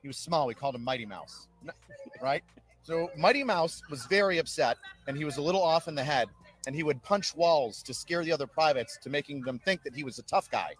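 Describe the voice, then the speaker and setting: Upbeat drill sergeant telling stories. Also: male voice, fairly quick, soft background music. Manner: upbeat, animated, recruiting pitch. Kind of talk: interview storytelling.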